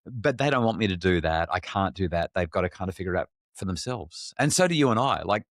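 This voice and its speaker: A middle-aged Australian man with a very deep voice, talking frankly as a podcast guest. He stumbles and restarts often, then jumps up in pitch when something amuses him. The sound is dry and close, with no room around it. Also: fast talker, no room sound. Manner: candid and animated, frequent restarts and stammers. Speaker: parenting expert guest. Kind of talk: podcast conversation.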